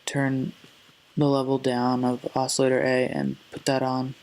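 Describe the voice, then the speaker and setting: A man giving a casual music production tutorial, relaxed and hesitant, often correcting himself as he goes. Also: mid-range voice, measured pace, poor audio. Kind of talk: casual screen-recorded tutorial. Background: faint synth sounds.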